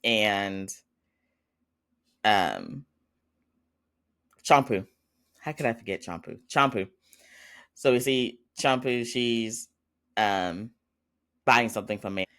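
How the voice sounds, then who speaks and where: A man's voice: lowish voice, slow pace, pauses often, a bit bright. A man hosting a podcast, recapping a drama episode in a loose, chatty way with lots of fillers and small laughs. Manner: chatty, rambling, with frequent fillers and little laughs. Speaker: podcast host.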